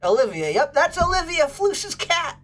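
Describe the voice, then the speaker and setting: Woman livestream host, casual and bubbly, with a very lively pitch. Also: moderate pace. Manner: bubbly, gushes over pets and thanks chat.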